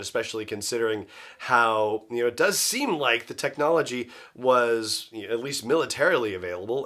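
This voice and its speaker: A man's voice: medium pitch, a bit bright. Musing male podcast host. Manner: musing, speculative, many "you know" fillers. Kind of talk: solo podcast commentary.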